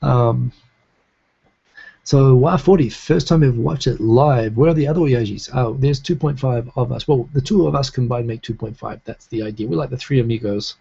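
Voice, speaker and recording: A man with a faded New Zealand accent hosts a casual live stream and reads viewer comments as he goes. His voice is dark, husky and gravelly, and he rambles with fillers and restarts. The stream audio sounds a little dull and lo-fi. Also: medium pitch, normal speed. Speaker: live show host.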